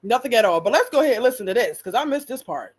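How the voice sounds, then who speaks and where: A woman's voice: fairly high pitch, expressive, rapid-fire, breathy edge. A woman streamer giving blunt, profane live commentary and reading out chat viewers' names. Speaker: reaction streamer.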